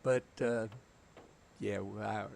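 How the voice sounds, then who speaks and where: Middle-aged Southern US man, gravelly, chatty game streamer who chuckles a lot. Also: fairly low pitch, steady tone, very slow, a little mellow, slight background noise. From southeastern United States. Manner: chatty storyteller, chuckles often. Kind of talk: casual chat while gaming.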